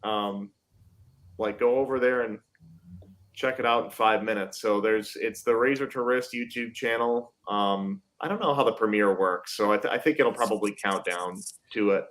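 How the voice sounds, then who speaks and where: A man's voice: fairly low pitch, normal speed, a bit bright. Laughing man telling a tour story. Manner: laughing storyteller, lots of fillers. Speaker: band member. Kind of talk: casual live-stream chat.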